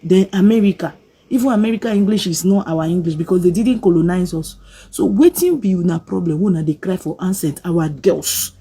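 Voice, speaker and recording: Husky Nigerian woman ranting at viewers. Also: lowish voice, lively intonation, brisk, dark tone. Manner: emphatic, scolding, mixes pidgin into English. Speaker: vlogger. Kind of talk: opinionated rant to camera.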